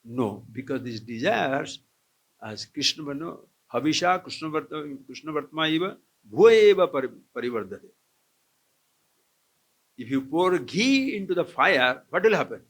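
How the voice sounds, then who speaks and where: A man giving a humorous, animated spiritual discourse as a swami, calling his listeners friends. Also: on the high side, moderate pace. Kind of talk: spiritual discourse to a camp audience.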